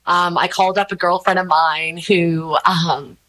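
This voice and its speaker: A woman, talking candidly as an interview guest, rambling and animated as she acts out the voices of people she quotes. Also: on the low side, a little slow, poor audio. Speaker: podcast host, interview guest. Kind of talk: candid conversational storytelling.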